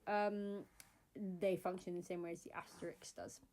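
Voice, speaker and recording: A woman's voice: on the low side, flat delivery, moderate pace, darkish tone. A woman teaching a singing lesson step by step, explaining patiently with many fillers.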